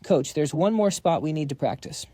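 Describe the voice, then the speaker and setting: A man's voice: on the high side, animated, normal speed, dark tone, slightly rough, no echo. A man reading as a smug young rich guy. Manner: smug and teasing.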